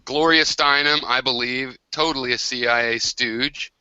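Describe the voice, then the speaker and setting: A man's voice: mid-range voice, fairly even intonation, normal speed, sharp tone, clean tone, no room sound, dull audio. An American man hosting a casual online group discussion, talking in long rambling turns with many restarts. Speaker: host of an online hangout.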